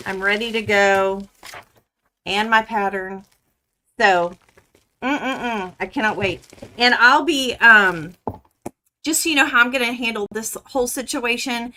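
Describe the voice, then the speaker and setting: A woman hosting a quilting livestream from her home studio, gushing and chatting excitedly with viewers as she unboxes fabric. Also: fairly high pitch. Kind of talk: casual live stream chat.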